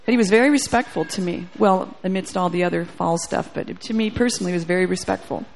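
Gravelly-voiced woman preaching a testimony. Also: on the low side, fast talker, slight background noise. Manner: storytelling, acts out dialogue, grows fervent. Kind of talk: sermon testimony.

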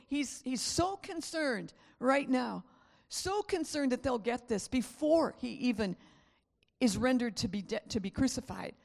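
A woman's voice: on the high side, expressive, a little slow, vocal fry, darkish tone, big-room sound. A woman preacher giving an emphatic, repetitive sermon and sometimes dropping to a whisper.

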